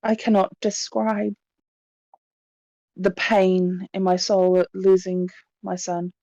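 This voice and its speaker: A woman voicing a grieving middle-aged mother in a tabletop game, speaking sorrowfully, formally and haltingly. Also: mid-range voice, little pitch movement, dark tone, no room sound, lo-fi sound.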